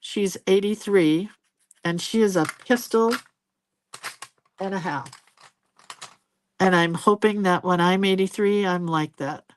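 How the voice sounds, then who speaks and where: A woman's voice: mid-range voice, slow pace, long pauses, no echo. A woman in her sixties hosting a live drawing stream, chatting casually as she paints. She laughs often and jumps between stories and viewer comments.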